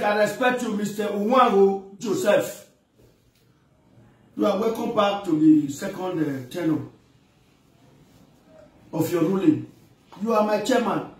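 A man with an Edo-flavoured Nigerian Pidgin accent, an actor ranting emphatically and pleading, his voice rising to shouts. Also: sits high, expressive, moderate pace, pauses often, heavy reverb, recorded from a distance, low-quality recording. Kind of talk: impassioned rant.

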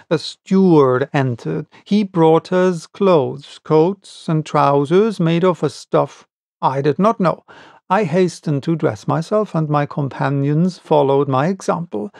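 A man narrating a classic novel in a deliberate, unabridged audiobook reading. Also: on the high side, gravelly, a little mellow, no echo, clean studio sound.

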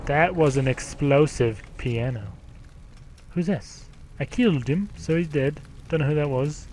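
A man giving gameplay commentary, profane, grumbling and yelling at the game. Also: on the high side, a little slow, slight background noise. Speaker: let's play gamer.

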